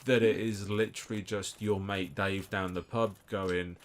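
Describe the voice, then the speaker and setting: Gravelly low-voiced man. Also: steady tone, unhurried. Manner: joking, swearing, riffing at length. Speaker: let's-play co-host. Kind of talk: casual gameplay commentary.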